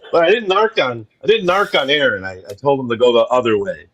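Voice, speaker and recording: A man's voice: medium pitch, animated, brisk, fairly bright tone, poor audio. A man guesting on a comedy podcast, telling a story in a loose, rambling way and laughing through it as he goes.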